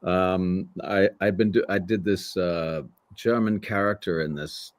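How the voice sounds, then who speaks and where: A man's voice: deep voice, a little slow, dry recording. A man in his sixties, a voice actor, telling stories in a casual interview and acting out the voices of people in them. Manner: animated storyteller who acts out voices. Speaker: voice actor guest.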